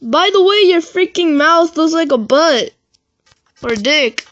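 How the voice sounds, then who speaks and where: A gaming YouTuber giving raging gameplay commentary, swearing and yelling in frustration and muttering to himself between outbursts. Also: sits high, animated, unhurried, no echo, muffled recording.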